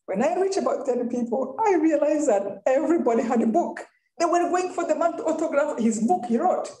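A woman from Rwanda with a Rwandan accent, giving a faith-based storytelling talk as a guest speaker, lively and often laughing. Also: high voice, a little fast. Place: college event hall. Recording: echoey room.

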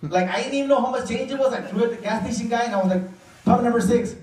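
A man's voice: extremely high pitch, very fast, background noise. A man with a Chicano English accent doing a profane, rambling, self-deprecating stand-up set on a club stage. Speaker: stand-up comedian. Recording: roomy club sound, mic far off, crowd laughing. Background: audience laughter.

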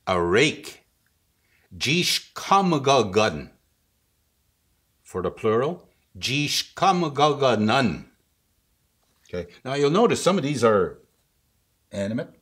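A man's voice: on the low side, a bit bright, slightly rough. A man giving a casual vocabulary lesson, patient and chuckling often, checking in with the listener after each word. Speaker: language teacher.

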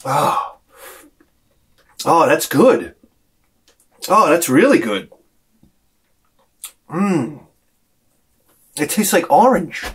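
A man's voice: fairly high pitch, drawn-out words, long pauses, husky. A man hosting a casual unboxing vlog, rambling and exclaiming as he tells stories. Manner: rambling, animated storytelling with frequent exclamations. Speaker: YouTube collector vlogger.

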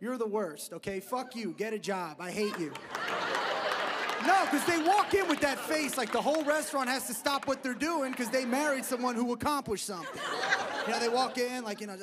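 A man's voice: very high voice, animated, fairly quick, heavy background noise. A male stand-up comedian on stage, ranting in a brash, profane way. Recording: comedy club stage, loud audience laughter.

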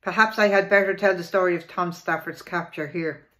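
A woman reading a local history memoir aloud in a plain, steady way, with small slips and restarts. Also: on the low side, brisk.

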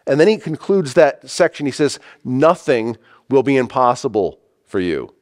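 A man's voice: mid-range voice, big pitch swings, moderate pace. A man preaching a sermon as pastor, reading scripture aloud and stressing key phrases emphatically.

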